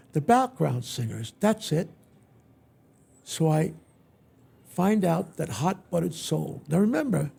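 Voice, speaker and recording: An older man spins animated stories as an interview guest. His voice sits high for a man and is heavily gravelly. It is husky rather than clear. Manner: lively, acts out other people's lines. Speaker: guest entertainer. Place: event venue interview set.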